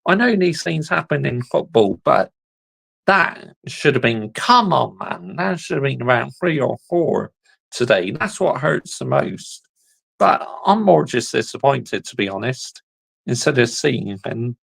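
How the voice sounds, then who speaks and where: A man's voice: mid-range voice, very animated, a little slow, vocal fry, fairly bright tone, breathy edge, low-quality recording. A man hosting a casual football reaction video, talking bluntly with slang and the odd swear word.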